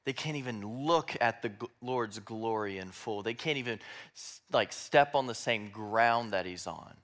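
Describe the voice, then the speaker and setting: A man's voice: mid-range voice, a bit bright. A man preaching a sermon, reading Bible verses aloud with emphasis and breaking into casual explanatory asides. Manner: expounding scripture, reads verses aloud with emphasis; conversational asides with fillers like "like". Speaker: pastor.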